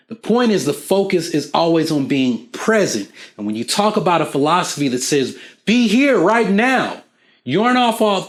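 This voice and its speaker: A man hosting a casual explainer video, talking straight to the viewer in an animated way and acting out small dialogues. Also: fairly high pitch. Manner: animated, acts out little back-and-forth dialogues; asks the viewer questions. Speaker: video host.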